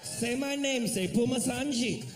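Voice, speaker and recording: A man voicing a crude, pushy grown man boasting to a lover, high and loud. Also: measured pace, reverberant, noisy background. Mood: leering. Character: lusty, pushy grown man bragging in bed.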